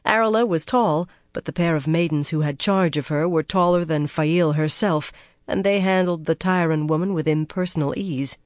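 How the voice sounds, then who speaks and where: An audiobook narrator giving a steady, measured reading of fantasy prose. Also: medium pitch, dry recording, studio quality.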